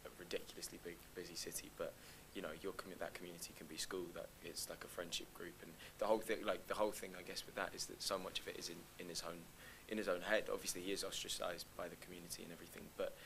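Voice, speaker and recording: A young adult actor from London, a guest at a live stage Q&A, speaks quickly in a deep, level, creaky voice with a bit of brightness. He's hesitant, restarts often, and laughs lightly. The audio is poor, with a little hiss or hum.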